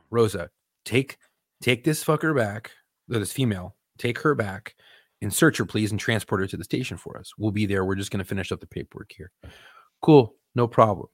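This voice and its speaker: A man's voice: on the low side, moderate pace, no echo, studio quality. A young man, a police officer and podcast co-host, telling a story in casual chat with lots of swearing and acted-out quotes. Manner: profane, animated retelling with quoted voices.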